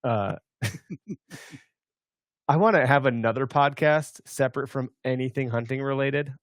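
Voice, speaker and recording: A man's voice: mid-range voice, no echo. A man hosting a hunting podcast, rambling and joking his way through casual banter. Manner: joking, rambling, quick asides. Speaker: podcast host.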